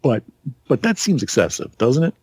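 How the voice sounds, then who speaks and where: A man hosting a podcast in casual chat, joking dryly and pausing on fillers. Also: medium pitch, very animated, a little mellow, breathy edge, no echo. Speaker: podcast host.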